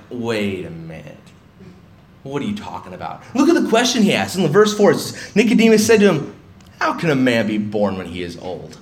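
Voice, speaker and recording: A pastor delivers an expository sermon in a church hall, speaking conversationally at medium pitch, often restarting sentences and voicing the people he quotes. The room is echoey, with a faint hiss.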